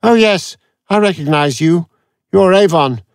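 Brief: haughty computer voice, high and sniffy, done by a male reader, dry close sound. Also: unhurried, dry recording. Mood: irritable. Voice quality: high, clipped and peevish. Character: irritable supercomputer, haughty and prickly.

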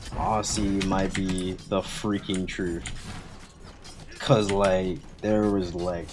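A man's voice: low-pitched, slight background noise. A young man giving rambling, casual gameplay commentary as a gaming video host, often laughing and swearing.

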